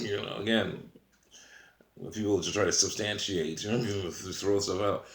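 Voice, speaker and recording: In a low, creaky voice, a channel host talks at a moderate pace through a loose, casual monologue, often laughing softly between lines. The sound has a roomy echo, like an empty room.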